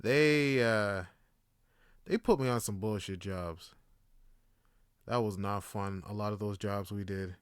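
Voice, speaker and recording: A man's voice: fairly low pitch, slow pace, pauses often, smooth, dry recording, studio quality. A man, hosting a casual solo podcast, telling stories with lots of swearing and laughter. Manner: profane, laughing, animated storytelling. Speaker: podcast host.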